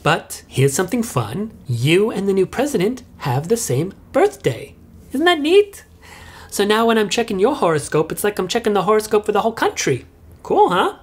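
A woman's voice: medium pitch, expressive, a little fast, few pauses, a little mellow, slightly rough. A woman playing an entitled middle-aged suburban mother who rambles on in chatty, self-righteous complaints. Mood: chipper. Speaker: mother leaving video messages. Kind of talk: comic monologue.

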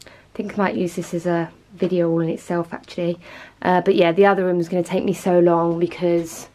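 A woman's voice: lowish voice, flat delivery, a little fast, mellow. A woman chatting casually in a home vlog, rambling and self-mocking as she talks. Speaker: vlogger. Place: home walk-in closet.

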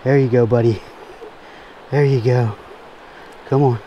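A man vlogging his fishing outdoors by a stream, exuberant and repeating himself with excitement. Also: medium pitch, a little slow, highs cut off. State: out of breath. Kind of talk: excited outdoor vlog narration. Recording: faint stream noise outdoors.

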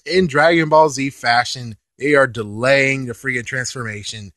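This man reviews anime, offering loose commentary on an episode with lots of energy, casual cursing and laughter mixed in. His pitch is medium, his speed normal, he pauses little, and the recording is dry.

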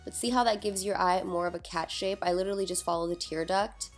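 Her voice is lowish and steady, and she talks fast as a young beauty vlogger who has just woken up and still sounds a bit sleepy. She chats through each makeup step with self-deprecating jokes over faint background music.

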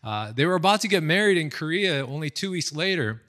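A man's voice: a little high, brisk. A man in his thirties from the United States, a pastor giving a casual storytelling sermon with lots of fillers. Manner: casual, animated storytelling with fillers and acted quotes. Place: indoors, online seminar recording.

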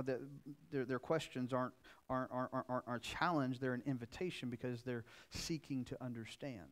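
A middle-aged man pastor preaching a sermon, earnest and repetitive, swinging from loud emphasis to quiet asides. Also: medium pitch.

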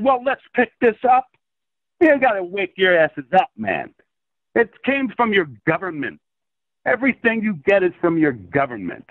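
This is a man with a high voice who tells stories in an excitable, swearing rush. His pitch leaps up and down constantly. The sound is tinny and dry, like a call taken over a phone line. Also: dry recording. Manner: animated, excitable, profane storyteller. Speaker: filmmaker guest. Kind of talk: phone interview.

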